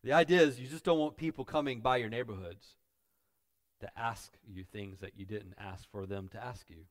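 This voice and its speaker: A man preaching a sermon as pastor, dropping to quiet asides and building to loud, emphatic peaks. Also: on the low side.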